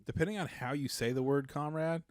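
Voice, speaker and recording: A man co-hosting a casual comedy podcast, laid-back and quick to laugh along. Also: on the high side. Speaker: podcast co-host.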